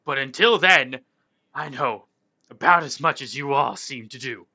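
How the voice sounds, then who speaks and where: A man playing a tabletop game, answering in a wry, drawling way. His voice is very bright. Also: medium pitch, a little slow. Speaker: player.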